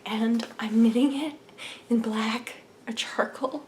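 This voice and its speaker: Slow and fairly even in intonation, a young woman with a higher, slightly mellow voice hosts a knitting podcast. She chats casually and enthusiastically about yarn, sometimes dropping into a whisper. Slight background noise can be heard.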